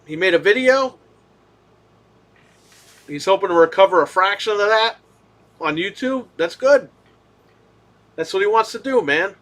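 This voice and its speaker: Heated, foul-mouthed man ranting live. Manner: swings between low muttering and loud outbursts. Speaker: gaming podcast host. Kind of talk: live-streamed rant.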